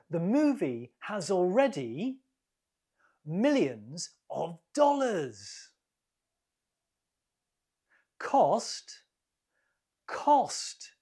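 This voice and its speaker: A British woman hosting an English quiz, slowly and deliberately repeating each word for learners. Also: on the low side, mellow, slightly rough. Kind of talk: slow, clear quiz teaching.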